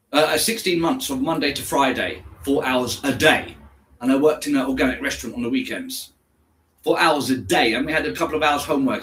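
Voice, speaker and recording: A man's voice: mid-range voice, fairly bright tone. A man from England chatting casually on a live stream, answering viewers by name and slipping into German now and then. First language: English. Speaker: livestreamer reading chat.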